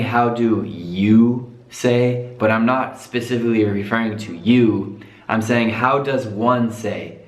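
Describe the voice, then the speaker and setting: A man teaching a casual video language lesson, upbeat, going over examples slowly and repeating them. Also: mid-range voice, reverberant.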